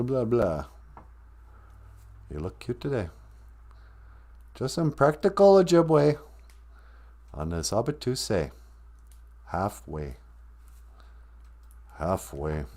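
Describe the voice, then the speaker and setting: A man in his fifties with a Minnesotan accent hosts a casual comedy podcast. He talks playfully, laughs easily and stretches words out. His pitch moves around freely. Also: darkish tone. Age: 50s. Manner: playful, laughing, drawls phrases out slowly. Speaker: podcast host.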